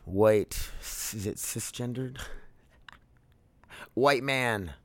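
A man's voice: mid-range voice, very slow, a bit bright, no echo. A man in his thirties hosting his own podcast, talking casually and candidly, rambling with many fillers and restarts. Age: 30s. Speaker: podcast host. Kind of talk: casual solo podcast monologue.

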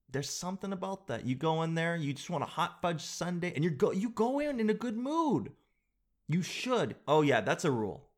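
A man's voice: a little high, sing-song, fairly quick. Man, show host, casual rambling monologue, jokey, self-mocking. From Canada.

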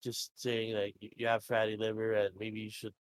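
A man's voice: lowish voice, completely flat delivery, normal speed, a little hiss or hum. A young man co-hosting a podcast, telling a story in a rambling, casual way, swearing freely and acting out both sides of conversations. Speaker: podcast co-host.

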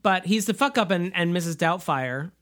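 A man's voice: high voice, lively intonation, normal speed, a bit bright. A man co-hosting a movie podcast in casual chat, dry and sardonic, swearing freely. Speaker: podcast co-host.

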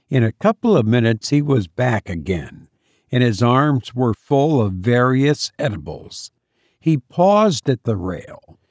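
A man narrating an audiobook in a measured storytelling manner, close to the mic. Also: medium pitch, big pitch swings, a little mellow, no echo. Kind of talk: scripted narration.

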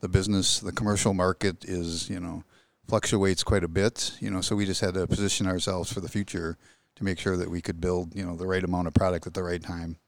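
A middle-aged man talks with an easy, plain-spoken calm and a dry sense of humor. His voice sits very low. The sound is close and dry, with no room around it. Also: fairly quick, no room sound. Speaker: industry guest, engine company manager. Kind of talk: casual interview chat.

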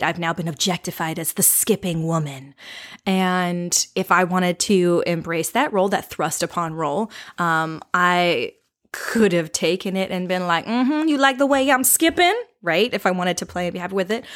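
A woman hosting her own show, talking through a lesson by telling a story from her life. Her delivery is playful and animated, full of little laughs. She keeps checking in with the listener as she goes. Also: lowish voice. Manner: animated, with frequent tag questions. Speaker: podcast host.

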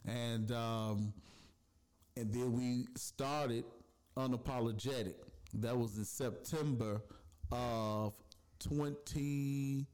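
A man's voice: mid-range voice, steady tone, very slow, a little mellow, clean tone. A man casually telling the story of how his podcast started, chatty and loose, with fillers and voiced asides. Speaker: podcast host.

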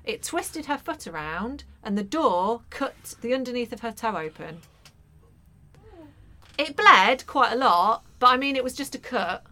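Mum podcaster, bright voice, animated storytelling, swears a bit. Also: female voice, fairly high pitch, a little slow. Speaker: podcast co-host. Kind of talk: casual chat.

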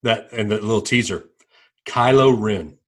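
A man's voice: fairly low pitch, measured pace. A man co-hosting a podcast, talking casually with blunt, teasing remarks and short agreements. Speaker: podcast co-host. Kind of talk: casual chat.

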